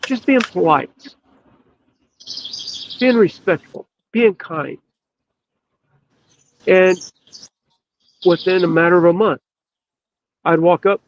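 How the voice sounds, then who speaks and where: A man, a podcast guest, telling a story in an earnest, emphatic way with drawn-out pauses. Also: sits high, dry recording. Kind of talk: storytelling in casual chat. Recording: dull, lo-fi dry sound.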